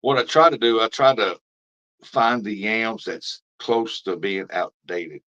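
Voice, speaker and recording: A man's voice: fairly low pitch, animated, unhurried, bright, forceful tone. A man hosting a live fishing stream, chatting casually and rambling as he reads out viewer comments. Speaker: fishing livestream host. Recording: dull lo-fi stream audio.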